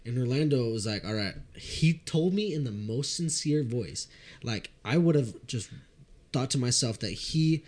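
A young man telling a drinking story in casual chat, animated and profane, often laughing. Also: mid-range voice, normal speed.

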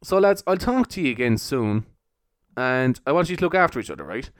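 A man's voice: medium pitch, big pitch swings, brisk, no room sound, clean studio sound. A young man hosting a casual solo podcast, rambling with lots of fillers and frequent laughs. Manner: rambling, laughs often, heavy use of fillers. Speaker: podcast host.

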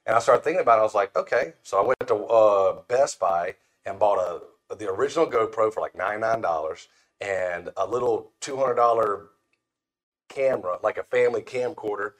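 A man's voice: fairly low pitch, fairly quick. A man chatting casually on a podcast, telling folksy stories and acting out the people he quotes. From Florida panhandle. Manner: folksy storyteller, acts out quoted voices. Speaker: podcast guest, brand founder. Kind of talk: casual chat.

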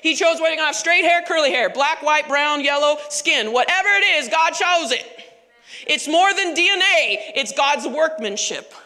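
A woman pastor preaching a sermon in a church, animated and conversational with laughing asides. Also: high-pitched, moderate pace, long reverb tail.

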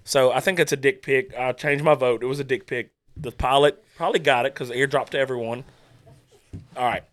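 A young man hosts a rowdy podcast with friends, telling crude stories loudly and laughing often. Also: mid-range voice, steady tone, fairly quick. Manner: loud storyteller, laughs often, crude jokes. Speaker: podcast host. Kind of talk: rowdy casual podcast banter.

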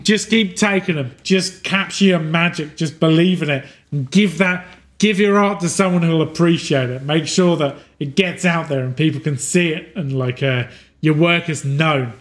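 A man's voice: a little high, moderate pace, close to an everyday voice. A man voicing a dying male mentor who gives an earnest, encouraging farewell. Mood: tender.

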